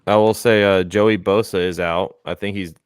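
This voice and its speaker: A man hosting a casual sports talk stream, animated and joking, hyping up his picks. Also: low-pitched, normal speed, smooth, no echo, studio quality. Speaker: host.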